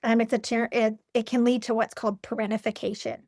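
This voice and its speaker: A woman's voice: fairly high pitch, flat delivery, quick pace, a little mellow, no room sound, studio quality. Earnest, reflective woman guest in her forties. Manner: earnest, reflective, frequent fillers and restarts. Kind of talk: personal interview conversation.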